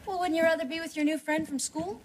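An actress playing a kind, chatty aunt who makes fun of herself. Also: female voice, extremely high pitch, steady tone, quick pace, a little hiss or hum.

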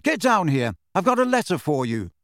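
An earnest young schoolboy wizard, as a man reads him aloud, pitched above an ordinary adult man's voice. He speaks eagerly and directly, and the close, dry recording has no room sound. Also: very animated, measured pace, no echo.

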